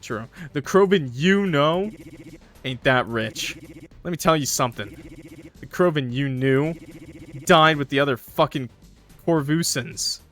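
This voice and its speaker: A man voicing an angry, foul-mouthed young man in a game, snapping and shouting his lines. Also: on the high side, measured pace, pauses often, soft background music. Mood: scornful.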